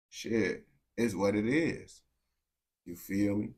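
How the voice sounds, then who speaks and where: A man's voice: mid-range voice, measured pace, a little mellow. Blunt young American man ranting to his chat. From United States. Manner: blunt, slangy, repeats words and restarts, keeps saying bro. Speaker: streamer talking to chat. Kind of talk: casual unscripted rant to viewers.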